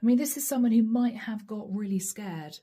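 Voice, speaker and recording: A woman giving a channeled tarot reading. She speaks intimately and repetitively, addressing the listener directly and sometimes dropping to a soft whisper. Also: fairly high pitch, animated, brisk. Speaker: tarot reader.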